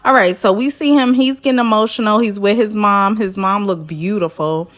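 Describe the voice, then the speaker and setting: A woman's voice: mid-range voice, normal speed. A woman chatting through a reality TV episode recap, acting out what the people on screen said in other voices. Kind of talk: casual recap vlog.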